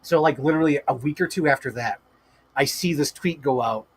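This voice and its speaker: A man hosting a livestream, talking in excited, rambling casual chat full of swearing and filler words. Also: medium pitch, fairly quick, husky. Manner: gushing, profane, rambling with many "like" fillers. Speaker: livestream host.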